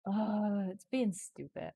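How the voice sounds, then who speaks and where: Slow-talking playful woman streamer. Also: medium pitch, vocal fry, slightly rough, dry recording, clean studio sound. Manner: playful, giggly, swings into loud mock shouting. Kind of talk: casual livestream, reading a text adventure aloud.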